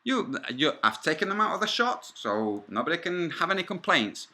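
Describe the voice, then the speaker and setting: This man tells his story in a hard, pushed voice that rides a little high. He swings his pitch up and down a lot as he gets heated. He sounds combative and swears freely, breaking off into side remarks. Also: very animated, normal speed, pushed and bright. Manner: combative, profane, rambling asides. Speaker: vlogger. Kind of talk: angry first-person storytelling.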